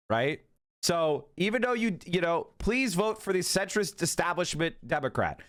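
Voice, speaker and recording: A man in his thirties hosts a livestream and tears into clips with heated, profane mockery. His voice sits high for a man. The talk is loose and fast-reacting. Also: very animated, fairly bright tone. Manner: profane, heated, mocking rants. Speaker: streamer host. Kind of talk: casual livestream commentary.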